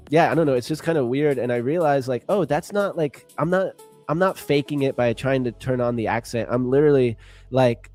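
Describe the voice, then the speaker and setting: A man's voice: mid-range voice, mellow. A man with a Californian accent, co-hosting a livestream in a rambling casual chat full of fillers. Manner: chatty, rambling with many "like" fillers. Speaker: livestream co-host.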